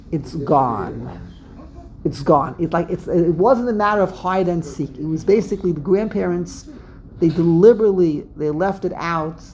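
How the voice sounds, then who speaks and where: A woman from Brooklyn with a Brooklyn accent, giving a religious lesson with an animated storyteller's habit of repeating and restarting phrases. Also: on the low side, low-quality recording. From Brooklyn, USA. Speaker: religious teacher. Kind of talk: Passover lesson talk.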